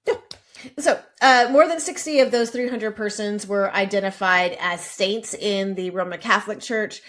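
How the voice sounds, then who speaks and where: A woman's voice: mid-range voice, normal speed, a bit bright. A woman co-hosting a podcast, reading out facts in casual chat with chatty asides. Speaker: podcast co-host.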